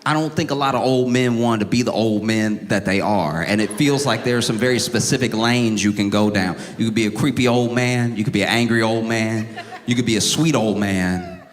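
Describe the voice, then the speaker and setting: A man doing stand-up comedy on stage, telling stories with animated, high-pitched exasperation. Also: brisk. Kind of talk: stand-up set. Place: comedy club stage with a live audience. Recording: live venue with long reverb. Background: audience laughter.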